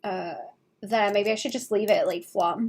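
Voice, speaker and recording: A young woman streamer chatting casually and rambling while she draws, sleepy and quick to laugh. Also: mid-range voice, steady tone, a little mellow. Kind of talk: casual chat while drawing.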